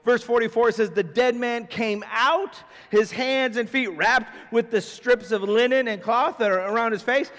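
A man's voice: very high voice, measured pace, few pauses, fairly bright tone, in a large hall. A man preaching a sermon as pastor, conversational and emphatic, often acting out how people would react. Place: church sanctuary.

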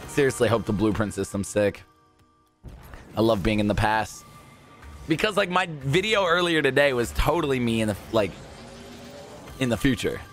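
An excitable young man talks casually as he opens game crates, rambling and jumping from topic to topic. His pitch swings widely, and now and then he bursts into a shout. Faint music plays behind him. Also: normal speed, pauses often. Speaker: gaming YouTuber. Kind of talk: casual crate-opening commentary.

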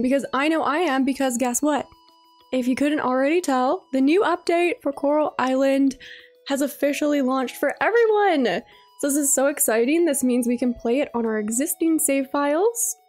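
A woman's voice: high-pitched, darkish tone. A young woman streaming a game live, gushing and greeting her viewers one by one.

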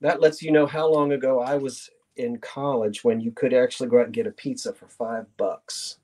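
A man's voice: mid-range voice, fairly even intonation, brisk, dark tone. A middle-aged man hosting a live online sale, chatty and playful as he shows old cards. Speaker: auction host.

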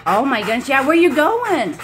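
A woman's voice: high-pitched, big pitch swings, a little fast. A young woman chatting and playing with dogs at home, gushing in baby-talk with gasps and laughs, recorded on a phone. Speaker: dog sitter playing with the dogs. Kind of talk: casual chat with pets. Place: indoors at a house, kitchen. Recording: home video with loud background noise.

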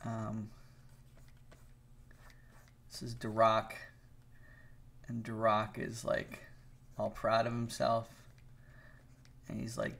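With a lowish, gravelly voice that stays monotone and fairly bright in tone, a middle-aged man livestreams while drawing as an animator. He takes it slowly, leaves long pauses, rambles casually, and greets and teases his viewers by name.

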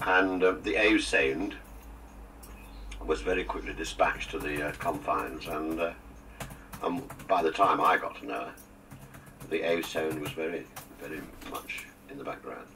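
Very deep-voiced older man telling stories. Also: normal speed, pushed and bright, recorded from a distance, slight background noise, rough recording. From England. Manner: jokey, theatrical storyteller with asides. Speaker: guest. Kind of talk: radio interview, anecdotal reminiscing.

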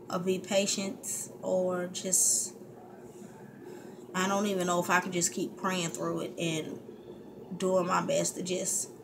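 A woman vlogger venting candidly to her viewers, frustrated and heated, talking in fits and restarts at home. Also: lowish voice. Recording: steady background hiss.

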